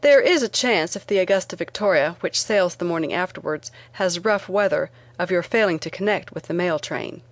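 A woman reading as a quiet, kind newspaper editor. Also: fairly low pitch, no room sound. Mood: calm. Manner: quiet, measured. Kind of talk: audiobook reading.

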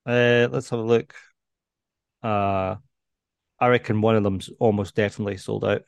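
Male comedian co-host, low-pitched, easygoing dry delivery, dead dry sound. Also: steady tone, moderate pace, vocal fry, clear, resonant tone, no room sound. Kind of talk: casual podcast banter. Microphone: video call.

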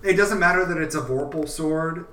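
A man's voice: fairly high pitch, moderate pace, over a noisy crowd. Man musing aloud in an echoey room. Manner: thinks aloud, chants rhythms as da-da. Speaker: poet discussing his draft. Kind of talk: casual conversation. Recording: echoey room, mic at a distance, faint ambient noise.

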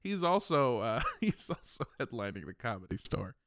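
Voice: medium pitch, big pitch swings, normal speed, fairly bright tone. A podcast co-host chatting casually and animatedly, joking, swearing and laughing.

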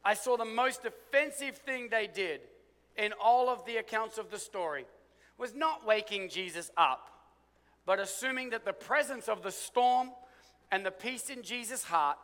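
A man preaching a sermon, swinging from loud, emphatic lines to hushed, low ones. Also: lively intonation, normal speed. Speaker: pastor. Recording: long hall reverb.

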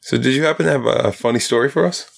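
A man hosting a casual interview, giving brief relaxed reactions and asking questions. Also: mid-range voice, fast talker, creaky. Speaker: podcast host.

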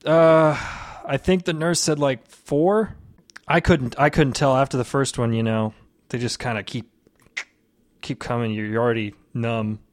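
A man's voice: mid-range voice, steady tone, measured pace, natural voice. A man voicing a wounded male police officer who talks bluntly and curses offhandedly. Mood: casual. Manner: cursing, offhand, rambling.

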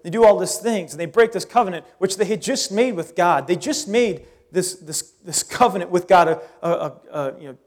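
A male pastor preaches with a fairly high voice. He tells the story in an animated way and breaks into casual, joking asides. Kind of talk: sermon.

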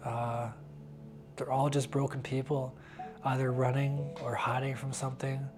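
Earnest halting man, flat delivery. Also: mid-range voice, music in the background. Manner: earnest, halting, with frequent restarts. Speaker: interviewee sharing a personal faith testimony. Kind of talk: candid documentary interview.

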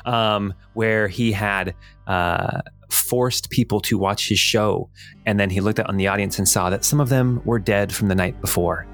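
Man, game master, low voice, relaxed recap, soft background music. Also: normal speed. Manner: relaxed, with frequent ums and laughs. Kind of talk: recapping and narrating a tabletop game.

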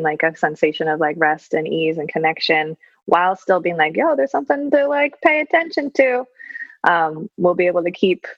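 A woman speaking as a therapist guest in a relaxed, thoughtful way, with frequent fillers and some casual swearing. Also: low-pitched, no echo. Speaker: clinical social worker guest. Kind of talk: casual reflective conversation. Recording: dull lo-fi sound.

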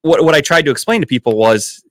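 A man's voice: a little high, animated, fast talker, no room sound. A man hosting a casual sports podcast in a studio, joking and swearing as he talks football. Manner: loose, profane, joking. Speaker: podcast host.

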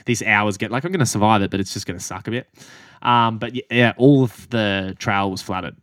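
Low-voiced Australian man telling a story. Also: fairly quick, no echo, clean studio sound. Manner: animated, swears freely, acts out quotes. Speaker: podcast co-host and running coach. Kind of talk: casual storytelling chat.

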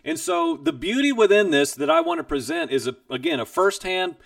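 A man's voice: very high-pitched, wildly swooping pitch, a little fast, gravelly, no echo, clean studio sound. A man hosting a Bible teaching program, sharing a personal testimony in an earnest, emphatic way, recorded a little distant from the mic.

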